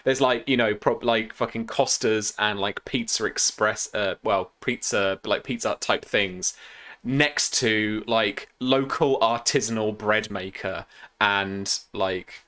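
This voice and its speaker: A man's voice: on the low side, slow, pushed and bright. A young man running a tabletop game as game master, rambling and swearing with lots of fillers. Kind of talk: improvised tabletop game narration.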